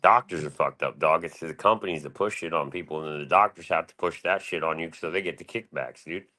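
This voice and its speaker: A man's voice: a bass voice, fast talker, pushed and bright. A man around forty talking in a loose, rambling, profane way on a casual chat stream. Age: 40s. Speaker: panel guest.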